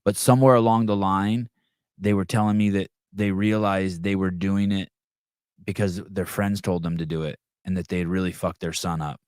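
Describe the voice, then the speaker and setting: A man's voice: sits low, fairly even intonation, normal speed, a little mellow, clear, resonant tone, no echo, studio quality. A man hosting a podcast, telling stories in a rambling, profane, casual way. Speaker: podcast host. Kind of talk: casual chat.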